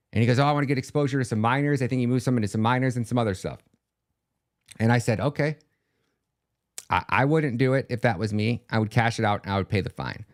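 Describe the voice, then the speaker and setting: A man's voice: mid-range voice, clean tone. A man hosting a podcast in a loose, chatty monologue, full of fillers, who acts out quoted back-and-forth dialogue. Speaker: podcast host. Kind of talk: casual monologue.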